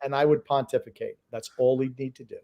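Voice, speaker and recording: A man's voice: medium pitch, fairly even intonation, fast, vocal fry, mellow. A man co-hosting a casual sports podcast, blunt and opinionated, swearing freely as he argues. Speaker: podcast co-host.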